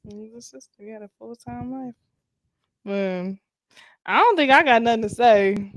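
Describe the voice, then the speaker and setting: A woman's voice: fairly high pitch, measured pace, dry recording, studio quality. A woman co-hosting a podcast, laughing along and adding short wry remarks. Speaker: podcast co-host. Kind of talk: casual chat.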